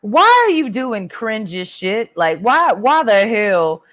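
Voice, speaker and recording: A tipsy woman rants on a livestream in a blunt, crude and rambling way. Her pitch swings widely from line to line, and she drags her words out at an unhurried pace. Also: very animated, fairly bright tone. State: tipsy from drinking. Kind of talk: profane ranting livestream monologue.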